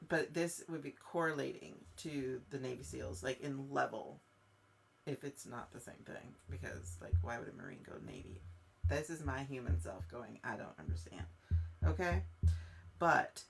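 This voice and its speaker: A woman hosting a live-streamed spirit reading, talking to a single viewer in a gravelly voice with vocal fry. She feels her way through each thought, pausing on fillers as she goes. A light hiss sits under the recording. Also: rumbling low, fairly bright tone. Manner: halting, searching speech full of fillers; speaks directly to a viewer. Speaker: psychic medium host.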